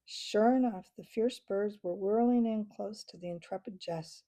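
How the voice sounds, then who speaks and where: A woman reading a children's book aloud with expressive storytelling and small slips. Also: medium pitch, unhurried, hardly any pauses.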